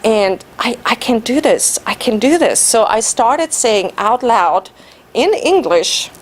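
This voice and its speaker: Animated woman telling a story. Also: fairly high pitch, takes it slowly. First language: German. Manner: animated storytelling, laughing at herself. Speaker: Toastmasters speaker. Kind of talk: personal story speech. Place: club meeting room.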